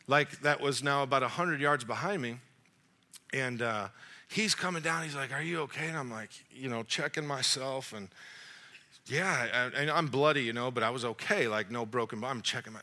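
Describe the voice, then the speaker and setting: Man, 40s, pastor, storytelling sermon, very bright voice, jokey, acts out dialogue. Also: a little high. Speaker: young adult pastor.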